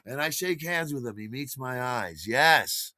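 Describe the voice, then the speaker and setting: Lively, bright-voiced male storyteller. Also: mid-range voice, a little slow, dry recording, clean studio sound. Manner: wry, digressive, chatty. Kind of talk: spoken storytelling monologue.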